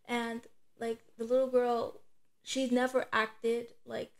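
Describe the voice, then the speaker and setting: Gravelly-voiced woman on a podcast, kinda high, laid back. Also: flat delivery, slow pace. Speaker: podcast co-host. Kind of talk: casual chat.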